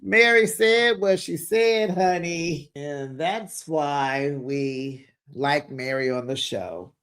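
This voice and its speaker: This is a gossipy recap host who talks slowly and takes their time. The voice sits at a medium pitch. The delivery is sassy and chatty, and the host laughs often while running through the reunion. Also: fairly bright tone, clean tone. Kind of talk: casual reality-TV recap.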